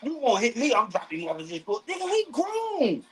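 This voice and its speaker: High-voiced man venting casually. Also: huge pitch swings, fairly quick, slight background noise, low-quality recording. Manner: rambling, profane venting with many restarts. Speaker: live craps streamer. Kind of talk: casual chat while gambling.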